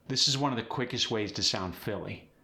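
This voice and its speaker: A man teaching an accent as a coach, explaining clearly and demonstrating sounds in an instructive way. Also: fairly low pitch, brisk, sharp tone. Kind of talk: accent tutorial.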